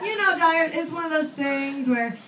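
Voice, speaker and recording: A young woman with a bright, high voice doing a stand-up set, chatty and self-deprecating, tossing asides to the crowd. Her voice is picked up from a distance in a roomy club. Loud audience laughter rolls in behind her. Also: very noisy. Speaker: stand-up comedian. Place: comedy club stage.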